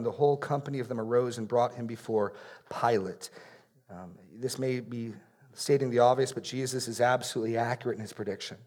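A man with a medium-pitched voice preaches an expository sermon earnestly, repeating key phrases for emphasis and going quiet on solemn points.

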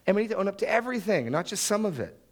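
A man's voice: sits high, sing-song, racing. A married man preaching a sermon, acting out the prayers and excuses he quotes. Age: adult, married. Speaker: pastor.

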